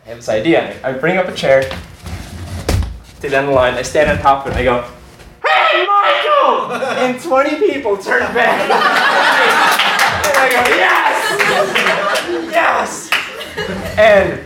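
Animated young man telling a story. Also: fairly high pitch, moderate pace, echoey room, heavy background noise. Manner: animated, laughs through his own story. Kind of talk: personal anecdote told to an audience.

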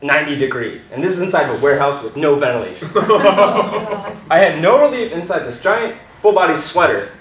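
Young male storyteller, lively delivery, echoey hall, distant mic. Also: fairly high pitch. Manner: animated, laughing through his story. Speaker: storyteller on stage. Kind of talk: stand-up storytelling. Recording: echoey hall, mic from afar, audience noise.

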